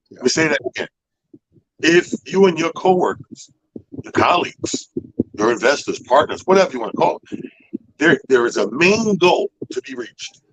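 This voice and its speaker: Male radio host, animated profane storyteller, husky and dry. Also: mid-range voice, no room sound, rough recording. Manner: animated storyteller, acts out people's quotes, profane. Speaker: comedy show organizer. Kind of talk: casual storytelling chat.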